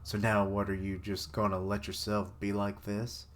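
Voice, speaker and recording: A man's voice: lowish voice, completely flat delivery, moderate pace, a bit bright, slight background noise. A man live-streaming his reaction to a manga chapter, reading lines aloud and joking, swearing and laughing at his own jokes.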